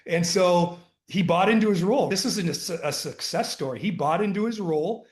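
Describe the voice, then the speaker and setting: A man, a retired college basketball coach, telling earnest, animated stories about his teams as a podcast guest. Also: high voice, fairly quick, roomy sound. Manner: earnest, animated anecdotes, acts out dialogue. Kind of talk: conversational storytelling.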